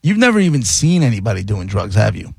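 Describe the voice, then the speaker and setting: A man's voice: lowish voice, very animated, gravelly, husky, no room sound, studio quality. A man co-hosting a casual talk show, telling stories and teasing his co-host. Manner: teasing, storytelling, quick asides. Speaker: podcast co-host. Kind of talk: casual banter.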